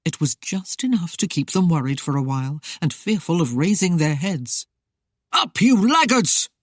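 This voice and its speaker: An audiobook narrator reading a historical romance in a steady, even way. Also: mid-range voice, normal speed, dry recording, clean studio sound.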